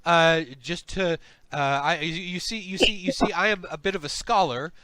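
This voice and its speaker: A man's voice: medium pitch, animated, normal speed, sharp tone, no room sound. A man voicing a curious, scholarly slug creature that stammers politely and eagerly in a tabletop game. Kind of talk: tabletop role-play voice.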